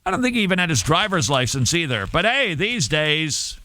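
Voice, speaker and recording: A middle-aged male talk show host riffs on the day's stories in a loose, sarcastic commentary style. His pitch leaps around expressively as he jokes. The studio sound is dry and close. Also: fairly quick, no echo. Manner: animated, sarcastic, jokey asides.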